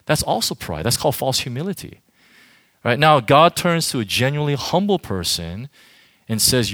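Acting as pastor, a man gives an informal sermon to a youth group, speaking directly and emphatically to them. His medium-pitched voice is very animated and a bit bright, at a normal speed, with clean studio sound and no room sound.

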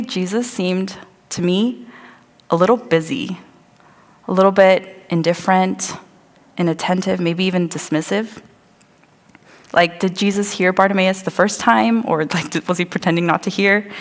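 Woman preacher, sermon, vivid storytelling, long church reverb. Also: medium pitch. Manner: vivid storytelling, acts out crowd voices. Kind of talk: sermon with scripture reading. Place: church sanctuary.

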